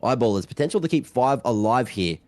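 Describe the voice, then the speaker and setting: A young man casting a game play by play, excitable, with banter between calls. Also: medium pitch, brisk, no room sound. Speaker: esports caster. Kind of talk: play-by-play commentary.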